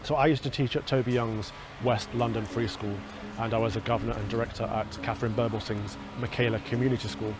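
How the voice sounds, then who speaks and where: Male documentary presenter, earnest and persuasive scripted read, clear music bed beneath. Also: medium pitch, fairly even intonation, fast.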